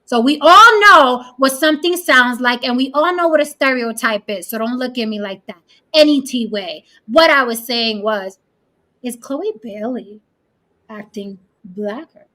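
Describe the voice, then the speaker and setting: A woman hosts a casual podcast, talking bluntly and swearing as she tells a story. Her voice is bright and a little sharp, sitting fairly high. She slips into quoted voices to make her point. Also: measured pace. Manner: blunt, profane, animated storytelling. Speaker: host.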